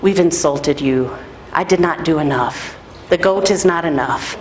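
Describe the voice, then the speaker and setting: A woman voicing an older female tribal elder who speaks slowly and solemnly. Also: sits low, pitched below the performer's own voice. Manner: slow, measured, solemn. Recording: echoey room, faint noise.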